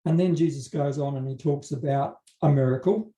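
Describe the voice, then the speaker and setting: A man delivers a conversational sermon, telling stories casually and tossing in jokes along the way. His voice is a little high, mellow and moderately paced, picked up by a distant mic in a roomy hall.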